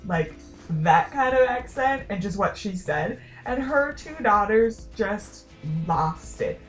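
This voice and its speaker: A woman's voice: medium pitch, animated. Young woman vlogger, rambling and self-mocking, light music underneath. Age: young adult. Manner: rambling, self-deprecating, quick asides. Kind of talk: casual talking-to-camera chat.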